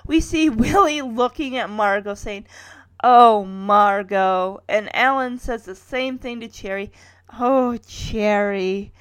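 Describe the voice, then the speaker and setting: A woman's voice: fairly high pitch, normal speed, few pauses, fairly bright tone, no room sound. A woman in her thirties casually recapping a TV episode, with wry personal asides and chuckles.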